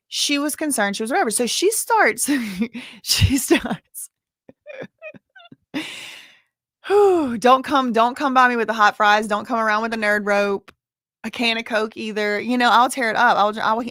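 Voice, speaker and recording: A woman's voice: mid-range voice, a bit bright, dry recording, clean studio sound. A woman in her thirties, a streamer talking casually and self-deprecatingly, rambling with many restarts. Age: 30s. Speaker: commentary streamer. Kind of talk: casual chat.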